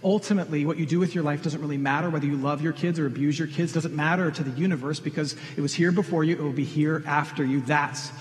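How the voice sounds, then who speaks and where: A man's voice: a little high, steady tone, fast talker, few pauses. A middle-aged man preaching a sermon, earnest and direct, pressing questions on his congregation. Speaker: pastor. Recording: long reverb of a large hall.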